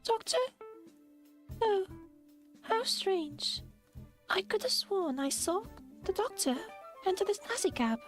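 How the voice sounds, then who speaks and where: A woman's voice: extremely high pitch, expressive, slow pace, pauses often, faint music behind, pitched above the performer's own voice, exaggerated voice. A woman voicing a bewildered young woman passenger in a fan game dub, talking with a hesitant manner.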